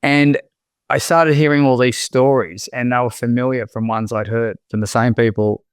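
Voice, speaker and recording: An Australian man, a podcast guest, telling his personal story in a reflective, halting way with many restarts. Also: mid-range voice, steady tone, clear, resonant tone, no echo, clean studio sound.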